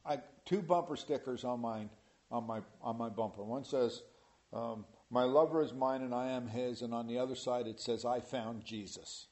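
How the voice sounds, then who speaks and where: A man preaching a sermon in an animated way, rising to loud emphasis. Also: medium pitch, moderate pace. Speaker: pastor.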